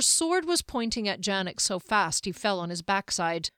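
A woman reading a fantasy novel aloud in a steady, even storytelling manner. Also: medium pitch, normal speed, clear, resonant tone, no room sound, studio quality. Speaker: audiobook narrator. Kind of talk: scripted fantasy narration.

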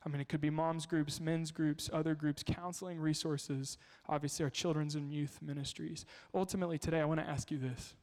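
A man preaching a sermon as a pastor, telling stories in an animated way in a church. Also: on the high side, fairly quick, few pauses, in a large hall. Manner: storytelling, animated.

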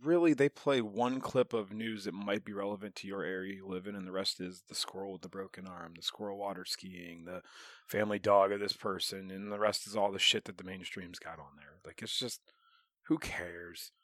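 A man's voice: deep voice, normal speed, no room sound, clean studio sound. A man in casual podcast chat, telling stories with lots of swearing and laughter. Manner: animated storyteller, swears a lot, laughs often.

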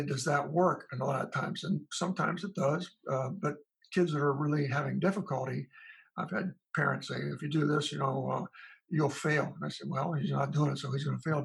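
Speaking on the high side at a brisk clip, this man sounds creaky and husky, with fairly even intonation. He's a psychologist being interviewed, recounting conversations with parents and restarting as he thinks aloud. The recording is low quality.

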